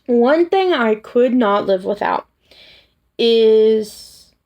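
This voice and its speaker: A woman vlogger chatting casually to camera, soft and hesitant, tired after work. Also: a little high, animated, extremely slow, lo-fi sound. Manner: soft, hesitant, with many restarts and fillers. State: tired, yawning. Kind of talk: casual personal chat to camera.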